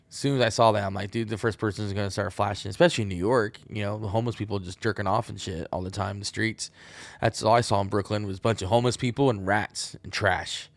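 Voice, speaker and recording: A man's voice: lowish voice, no room sound. A man hosting a solo podcast, rambling and wisecracking with plenty of swearing. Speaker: podcast host.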